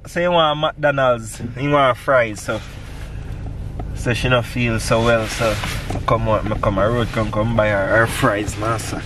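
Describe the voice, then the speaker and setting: A man's voice: medium pitch, pushed and bright. A man telling a rambling, laughing story in patois for his family vlog, out by a road at night. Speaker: family vlogger.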